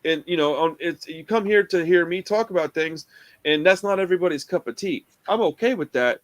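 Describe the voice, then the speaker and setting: A man hosting a casual film podcast, talking in an animated, slangy way and acting out quotes. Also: a little high, a little fast, no room sound. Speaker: podcast host. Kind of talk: casual chat about a film.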